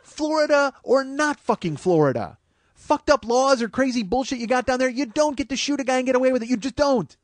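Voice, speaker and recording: A man in his forties hosting a comedy podcast, ranting with heavy profanity and loud outbursts. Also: very high-pitched, animated, a little fast, dry recording. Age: 40s.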